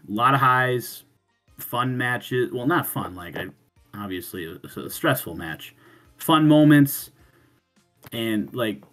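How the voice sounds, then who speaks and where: A man on a podcast telling a story in casual chat, animated, swearing freely and laughing, often restarting his sentences. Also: sits low. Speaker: podcast co-host.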